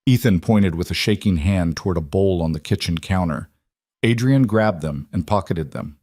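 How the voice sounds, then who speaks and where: Low-voiced male storyteller, dry sound. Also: moderate pace, darkish tone, no echo. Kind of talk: scripted story narration.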